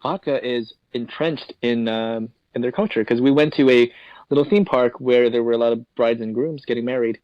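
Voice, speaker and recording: A man's voice: medium pitch, fairly even intonation, moderate pace, no echo. A male podcast co-host who jokes and laughs easily. The recording is dry and a little muffled. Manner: jokey, laughing often. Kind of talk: casual podcast chat.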